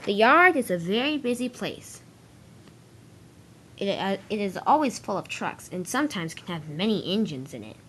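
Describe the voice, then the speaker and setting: A woman voicing a calm male train engine who patiently teaches a newcomer. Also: mid-range voice, normal speed, slight background noise.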